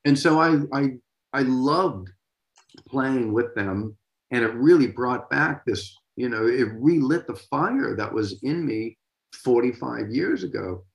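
Gravelly older man in a roomy echo. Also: medium pitch, slow pace. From Massachusetts, USA. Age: 60s. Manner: animated storyteller, vocalizes drum beats. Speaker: guest drummer. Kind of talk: casual interview storytelling.

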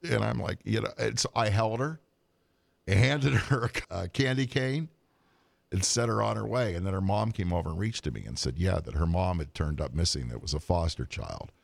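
A man in a casual podcast chat, telling a long story in an animated way, with restarts and trailing asides. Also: low voice, moderate pace, vocal fry, no room sound.

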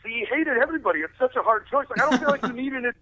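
A man's voice: very high voice, lively intonation, racing, bright, forceful tone, dry recording. A man calling in as a guest on a casual podcast, ranting with heavy profanity about things he hates. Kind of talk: casual wrestling podcast chat. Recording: muffled phone-line sound.

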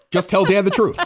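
A man hosting a podcast, telling stories in an excitable, animated way and acting out both sides of conversations. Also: high voice. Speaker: podcast host. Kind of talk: casual storytelling chat.

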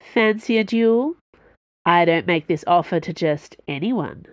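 A woman's voice: lowish voice, expressive, unhurried, no room sound, lo-fi sound. A woman voicing a smug, taunting older woman pilot with a mocking, smirking manner.

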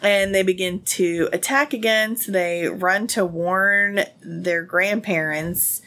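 A woman co-hosting a book podcast, chatting casually as she recaps a story and jumps into high playful voices when she quotes. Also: slow, a bit bright. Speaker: podcast co-host.

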